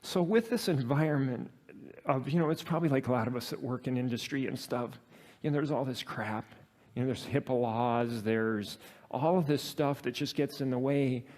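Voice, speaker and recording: A man giving a talk to an audience, telling a personal work story in a halting way with many fillers and self-deprecating laughs. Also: mid-range voice, a little mellow.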